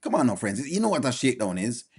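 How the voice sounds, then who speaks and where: Man, stream host, casual commentary, blunt, repeats points, mid-pitched voice. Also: sing-song, quick pace, darkish tone, slightly rough. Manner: blunt, addresses chat viewers by name.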